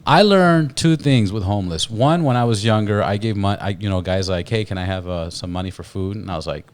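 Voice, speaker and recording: A man in casual podcast chat, telling stories animatedly, swearing a lot and restarting often. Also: fairly low pitch. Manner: animated storytelling, heavy swearing, quick restarts. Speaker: guest, rapper.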